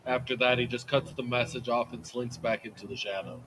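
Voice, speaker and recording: A man's voice: mid-range voice, steady tone, a little fast, fairly bright tone, a little hiss or hum, rough recording. A man playing in a tabletop game, talking casually. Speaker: player.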